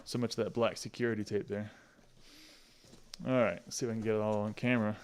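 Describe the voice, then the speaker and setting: A man's voice: lowish voice, little pitch movement, fast talker, slight background noise. Chatty upbeat man hosting an unboxing. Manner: upbeat, chatty, laughs often. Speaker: channel host. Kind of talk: casual unboxing chat.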